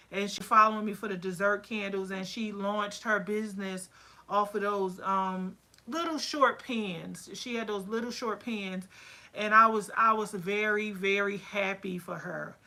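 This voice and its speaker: A woman running a casual livestream about her candle business, chatty and excitable, full of fillers and quoted asides. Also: mid-range voice. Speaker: candle-making business owner.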